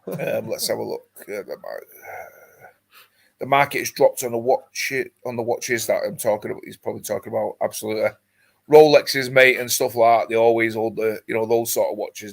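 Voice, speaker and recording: A man's voice: lowish voice, fairly even intonation, normal speed, creaky. A man hosting a casual livestream, chatting with many fillers and reading out viewer comments. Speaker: livestream host. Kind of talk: casual chat.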